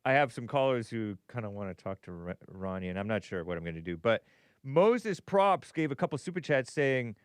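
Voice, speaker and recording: A man's voice: mid-range voice, sing-song, fairly quick, clean tone, no echo. A man hosting a call-in show, chatting casually with callers, reading viewer comments aloud and laughing often. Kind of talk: casual call-in radio talk.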